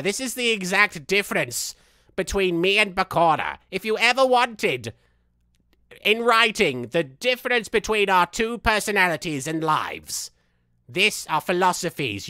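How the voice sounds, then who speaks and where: Over-the-top young villain, voiced by a man, giddy with his own genius, as his bright, sharp voice leaps all over the place and gloats straight at the chat during a game stream. Close, dry sound. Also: sits high, clear, resonant tone, no echo, heavily acted. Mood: smug. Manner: boastful, theatrical, wildly swinging delivery, laughs at himself. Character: vain, unhinged young male villain, boastful and manic. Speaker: live streamer in character. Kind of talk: in-character gameplay commentary.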